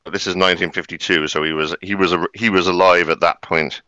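Brief: low-voiced male podcast host, crisp and dry, rambling crude delivery, slightly dull sound. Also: fairly even intonation, quick pace, pushed and bright, no echo. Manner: crude, rambling, filler-heavy. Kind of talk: casual comedic storytelling.

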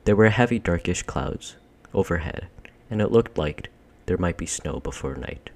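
A man reading a children's storybook aloud in a measured, expressive narration. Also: deep voice. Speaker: audiobook reader.

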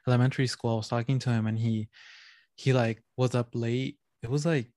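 A man's voice: medium pitch, steady tone, a little fast, darkish tone, dry recording. Man co-host chiming in with emphatic agreement. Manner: supportive interjections, emphatic swearing. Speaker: podcast co-host. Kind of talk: casual podcast chat.

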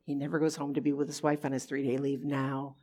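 A woman teaches a conversational Bible lesson in an animated, expressive way, frequently putting rhetorical questions to her listeners. Her voice is very deep and she speaks fast.

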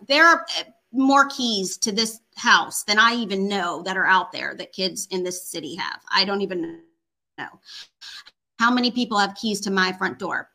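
A woman's voice: mid-range voice, gravelly, sharp tone, poor audio. A middle-aged woman, a podcast guest, telling heartfelt stories in casual chat, full of fillers. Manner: heartfelt, storytelling, many fillers.

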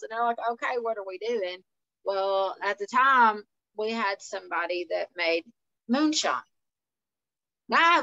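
A woman, a guest telling wild party stories in a loose, animated way. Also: on the high side, no room sound, muffled recording. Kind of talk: casual storytelling chat.

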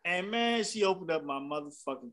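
A man's voice: high-pitched, expressive, brisk, fairly bright tone. A man in his fifties, co-hosting a podcast, telling a laughing story about his birthday party in casual slang. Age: 50s. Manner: laughing storyteller, Southern Black vernacular slang. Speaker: podcast co-host.

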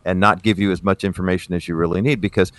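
A man hosting talk radio, speaking in an affirming, relaxed way in a roundtable chat. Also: low voice, fast, no echo. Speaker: radio talk show host. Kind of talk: roundtable podcast discussion.

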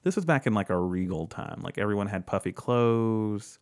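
A man's voice: on the low side, moderate pace. A man co-hosting a casual chat, reading facts aloud and riffing on them in a jokey, offhand way, swearing freely. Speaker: podcast co-host.

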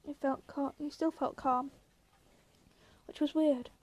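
A woman reading a novel aloud as an audiobook reader, telling the story in a steady, measured way. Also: high voice, rough recording.

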